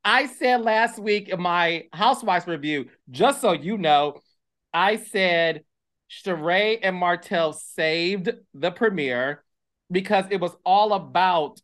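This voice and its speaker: A man's voice: high voice, slow pace, fairly bright tone. A man hosting a casual podcast interview, talking in an emphatic, insistent way. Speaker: podcast host.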